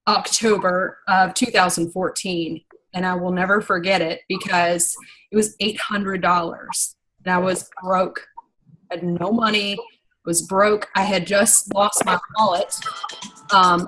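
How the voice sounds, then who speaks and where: A young adult woman leading a business team meeting in a casual, animated, rambling way, getting worked up and talking fast when excited. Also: medium pitch, a little hiss or hum, poor audio. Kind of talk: casual motivational training talk.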